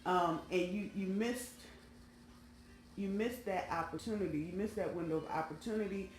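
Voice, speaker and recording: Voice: mid-range voice, normal speed, slight background noise. A tarot reader chatting casually and colloquially to viewers while laying out cards. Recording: roomy sound, faint background music.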